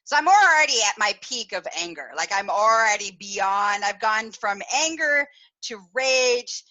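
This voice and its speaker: A woman hosting a podcast, telling a personal story in a candid, animated way, laughing often and swearing freely. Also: fairly high pitch, unhurried, dull audio. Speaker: podcast host.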